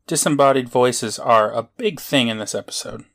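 A man's voice: mid-range voice, normal speed, a bit bright. Podcast guy, dry short comebacks, laid back chat. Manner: dry, short agreeing remarks. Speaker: podcast co-host. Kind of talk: casual chat.

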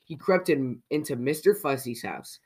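A podcast host reading a picture book aloud to children in a lively way, often asking the listener questions. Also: medium pitch, normal speed, slightly rough. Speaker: children's story reader.

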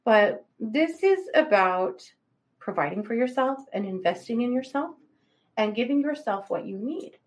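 A woman co-hosting a livestream, giving chatty, animated astrology readings and laughing often. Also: on the high side, a little slow, poor audio. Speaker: psychic reader, co-host.

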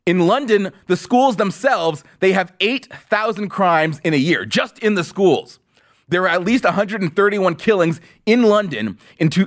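A man hosting an opinion podcast, talking in a sarcastic, mocking and animated way. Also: high-pitched. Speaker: podcast host.

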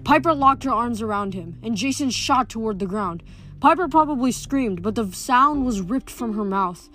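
A woman reads a novel aloud and pauses to chat about the chapter. She often stumbles and restarts her words, in a fairly high voice. Soft music sits faintly behind her. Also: lively intonation. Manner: stumbling, self-correcting. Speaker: book reader. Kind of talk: reading a novel aloud with commentary.

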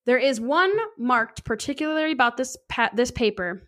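A woman's voice: a little high, expressive, a little slow, few pauses, fairly bright tone. A woman podcast host reading a classic story aloud, stumbling over words and breaking off for cursing, joking asides.

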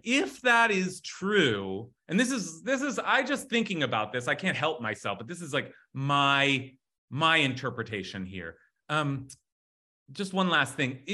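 A man teaching a lively text study class, talking excitedly with frequent restarts. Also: on the high side.

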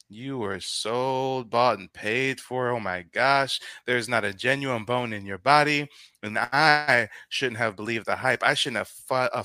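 A man's voice: medium pitch, sharp tone, dry recording. A man with an African American accent hosting a podcast, ranting angrily and sarcastically as he reacts to clips. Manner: angry, sarcastic, profane ranting. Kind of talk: heated reaction commentary.

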